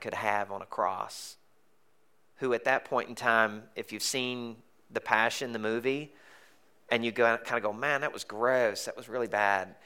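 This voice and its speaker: A male pastor preaching a sermon in a conversational, joking way, sometimes dropping to a hushed, intense tone. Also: mid-range voice, clear, resonant tone.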